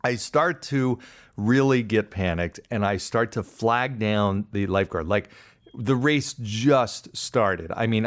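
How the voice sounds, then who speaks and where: A man hosting a podcast, telling a personal story in an animated, self-deprecating way. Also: medium pitch. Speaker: podcast host. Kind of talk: casual storytelling monologue.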